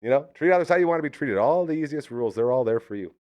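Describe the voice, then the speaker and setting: A man hosting a live show, upbeat and rambling, with jokes along the way. His pitch swings widely up and down, sitting in a middle range. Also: expressive, rapid-fire, muffled recording. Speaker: live podcast host. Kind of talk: casual live show chat.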